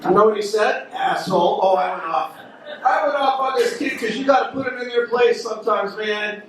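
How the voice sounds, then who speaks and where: A loud, teasing male stand-up comedian on a club stage, his voice sitting unusually high. The recording is distant and heavily echoey, with noticeable background noise and audience laughter. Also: brisk.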